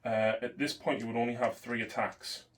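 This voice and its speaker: A man's voice: medium pitch, little pitch movement, normal speed, a little hiss or hum. Man explaining game rules. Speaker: tabletop wargame player. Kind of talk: casual commentary over a game.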